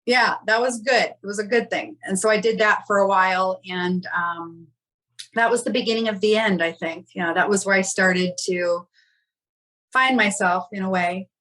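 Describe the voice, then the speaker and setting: A woman's voice: mid-range voice, steady tone, normal speed, fairly bright tone, rough recording. Woman telling a personal story, candid. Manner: candid, reflective, voices others in quoted dialogue. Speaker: podcast guest.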